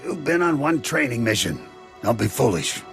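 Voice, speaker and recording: Gruff male base commander. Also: mid-range voice, big pitch swings, normal speed, soft background music. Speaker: military commander. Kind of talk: game cutscene voice acting.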